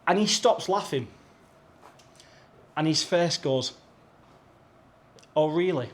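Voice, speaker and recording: A man's voice: a little high, slow. Chatty British man telling a travel story. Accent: British English. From Britain. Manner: chatty, animated anecdote telling with quoted dialogue. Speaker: travel vlogger. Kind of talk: casual storytelling to camera.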